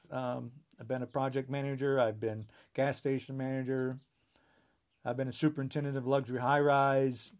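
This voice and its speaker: A man in his sixties delivering a heated, rambling podcast monologue, emphatic and full of restarts. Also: fairly high pitch. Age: 60s. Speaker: podcast guest.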